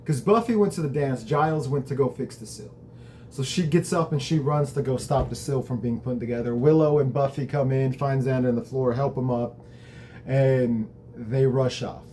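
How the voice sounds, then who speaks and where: A man's voice: mid-range voice, steady tone, moderate pace, mellow, a little hiss or hum. A man hosting a show, casually recapping a TV episode in a conversational, reflective way, with the odd swear word.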